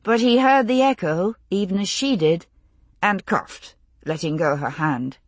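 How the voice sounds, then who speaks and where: A woman reading an audiobook in an even, intimate storytelling manner, voicing the characters herself. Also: on the low side, a little slow, no echo. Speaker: audiobook narrator. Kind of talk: scripted narration.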